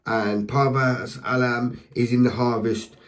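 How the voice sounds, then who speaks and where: A man's voice: mid-range voice, steady tone, measured pace, low-quality recording. A man preaching and giving a passionate spoken testimony, talking directly to listeners with fervour, often repeating and restarting words. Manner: speaks to the listener directly with encouragement. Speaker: lay preacher.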